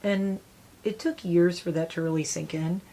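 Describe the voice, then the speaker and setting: Chatty woman doing makeup, lowish voice. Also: fairly even intonation, moderate pace, dark tone. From United States. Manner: chatty, rambling, self-deprecating. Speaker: beauty vlogger. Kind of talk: casual get-ready-with-me chat.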